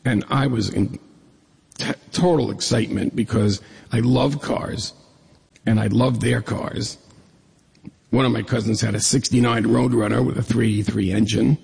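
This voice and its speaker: A man's voice: fairly low pitch, moderate pace, creaky, breathy edge. A middle-aged man from New York State telling a humorous personal story on stage, acting out the dialogue. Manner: humorous, lively storyteller who acts out dialogue. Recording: echoey hall reverb.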